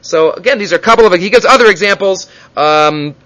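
A man's voice: high voice, fairly quick, bright, forceful tone, poor audio. A man teaching a Torah lecture, mixing in Hebrew terms and rising and falling for emphasis.

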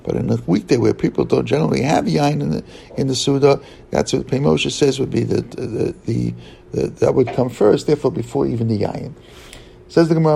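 Guy teaching talmud, husky gravelly voice, keeps stumbling and restarting, hebrew terms all through. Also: medium pitch, mellow, rough recording. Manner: halting, with many restarts and fillers; mixes English with Hebrew and Aramaic terms. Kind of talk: Talmud study lecture.

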